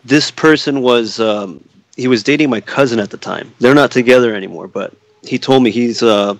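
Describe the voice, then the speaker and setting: A man's voice: medium pitch, normal speed, no echo, rough recording. A man on a podcast casually telling a spooky story, swearing freely and acting out the quoted dialogue.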